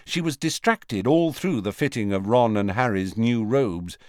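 A man reads a storybook aloud with a mid-pitched, very lively voice that rises and falls all the time. His delivery is expressive and animated. The sound is dry and close. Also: a little slow, no echo. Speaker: audiobook narrator. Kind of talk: scripted storybook narration.

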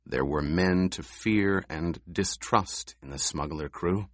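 A man narrating an audiobook with steady, even storytelling. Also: deep voice, slow, dry recording, studio quality. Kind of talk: scripted narration.

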